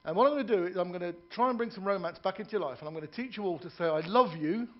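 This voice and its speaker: A man's voice: sits high, very fast, lo-fi sound. A man performing stand-up comedy in a ship's theatre, telling jokes, doing characters' voices and joking with the audience.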